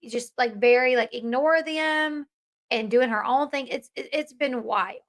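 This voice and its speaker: A woman's voice: high voice, a little slow. A woman hosting a casual commentary talk, chatty and opinionated, reading out viewer comments as she goes. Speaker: host.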